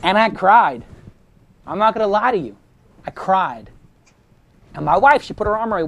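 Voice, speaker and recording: A high-voiced man gives an animated, motivational talk to a room of students. He punctuates his stories with sound effects and shifts his delivery freely. His style is punchy, candid and confident. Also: normal speed, gravelly, long pauses. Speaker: host giving a talk to students. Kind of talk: motivational storytelling.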